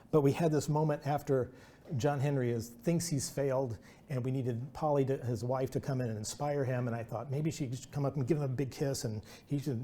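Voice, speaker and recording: A man's voice: mid-range voice, warm tone. A man giving a casual artist talk, rambling and self-deprecating, full of restarts and asides. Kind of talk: presentation talk with anecdotes.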